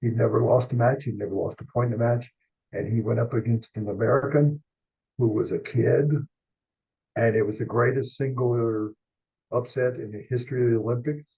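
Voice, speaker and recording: Older male columnist guest, husky voice, animated rambling storyteller, phone-quality audio. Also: mid-range voice. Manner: animated rambling anecdotes, quick asides. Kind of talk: storytelling interview. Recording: tinny phone-like line.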